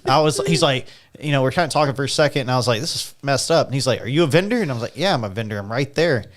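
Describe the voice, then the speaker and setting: A man hosting a casual podcast chat, telling a story in an animated way with lots of laughing and filler words. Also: mid-range voice, very fast. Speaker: podcast host and stunt rider.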